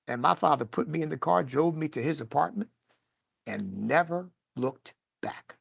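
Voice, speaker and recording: A man telling his own story to an audience with emotion, shifting between hushed, quiet moments and lively bursts. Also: a little high, unhurried, creaky, no echo, clean studio sound.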